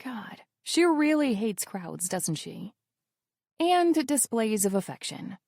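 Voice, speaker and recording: Female romance audiobook narrator: wry, intimate, very expressive pitch, slow unhurried pace, dry close sound. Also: vocal fry, dry recording.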